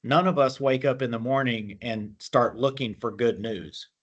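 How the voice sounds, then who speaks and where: A man's voice: medium pitch, moderate pace, highs cut off. A man speaking as a guest, explaining mental skills in a plainspoken way with military terms. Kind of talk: motivational talk on a call.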